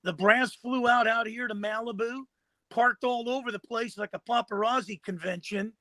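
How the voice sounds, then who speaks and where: A male co-host tells a story on a sports talk show and uses colorful comparisons. His voice is high and sharp, and it sounds dry and close to the mic. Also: steady tone, moderate pace, no room sound.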